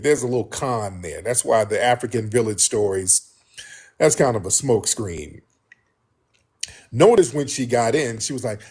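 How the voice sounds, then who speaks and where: A man hosting a show, talking straight to his listeners in a blunt, animated way and often repeating himself. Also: medium pitch, breathy edge. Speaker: host. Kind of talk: casual monologue to listeners.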